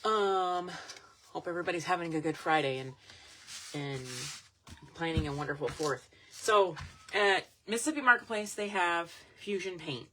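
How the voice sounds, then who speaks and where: A woman's voice: fairly low pitch, normal speed, bright, forceful tone, a little hiss or hum. A woman vendor chatting casually and rambling as she shows her items in a selling vlog. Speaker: vintage and jewelry vendor.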